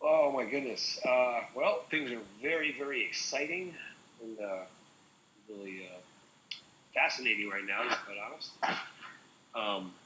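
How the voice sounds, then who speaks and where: Man, co-host, loose and rambling, bright, roomy. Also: mid-range voice, measured pace, long pauses, slight background noise. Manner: rambling, full of "like" and "uh". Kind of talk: casual chat.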